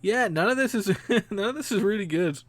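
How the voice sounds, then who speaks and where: A man talks on his own stream in a loose, rambling way, laughing often and swearing without a second thought. His voice sits a little high for a man. The sound is dry and close. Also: lively intonation, fairly quick, dry recording. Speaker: streamer and podcast host. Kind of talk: casual solo stream talk.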